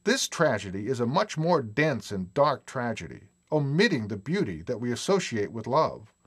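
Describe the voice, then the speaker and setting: Male lecturer, scripted narration; measured, emphatic delivery, mid-pitched voice that moves a lot. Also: very animated, husky.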